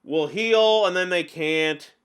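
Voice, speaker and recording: A man giving casual gameplay commentary on a card game, chatty and openly venting his frustrations with animated outbursts. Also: high-pitched, takes it slowly, smooth. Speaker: gaming channel host.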